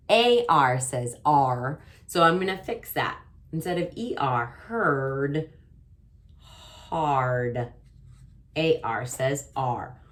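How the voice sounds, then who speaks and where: In a low voice, a woman kindergarten teacher gives young children a remote writing lesson, sounding out letters and stretching her words.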